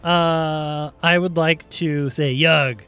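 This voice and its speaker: A man's voice: on the high side, normal speed, a bit bright, faint music behind. A man playing a tabletop game, switching between plain table talk and playful, hammy in-character lines. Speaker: player.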